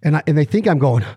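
A man co-hosting a podcast, giving an animated, joking explanation of how to blow a duck call, talking from his car. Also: fairly high pitch, no room sound. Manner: animated, demonstrative, jokey. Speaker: podcast co-host and duck caller. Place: driving in a car.

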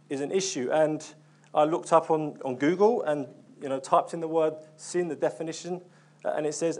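Young male preacher, earnest, conversational delivery, slightly higher voice, plenty of fillers and restarts. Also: darkish tone. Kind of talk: sermon.

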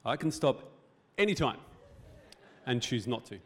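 A man's voice: medium pitch, sing-song, unhurried, a little hiss or hum. A man preaching a sermon as pastor, in a conversational, joking way with rhetorical questions. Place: church hall.

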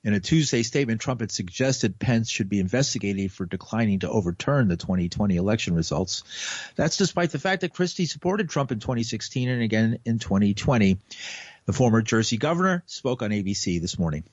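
A man anchoring a radio newscast, reading in a measured way and filling pauses with "uh" when he ad-libs. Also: fairly low pitch, very animated, dry recording. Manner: measured, with halting fillers when ad-libbing. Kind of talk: news reading. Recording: muffled lo-fi radio broadcast.

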